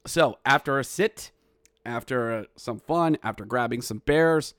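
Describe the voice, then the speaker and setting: A man hosting a casual hockey recap, calling the plays and breaking into shouted goal calls, with jokey, self-mocking asides. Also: medium pitch, a little slow, no echo. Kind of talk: casual game recap with play-by-play.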